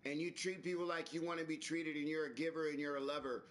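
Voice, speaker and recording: A man hosting a live stream, talking in a preachy, repetitive, animated way with some swearing. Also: fairly high pitch, fast. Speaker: stream host. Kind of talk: casual live-stream chat.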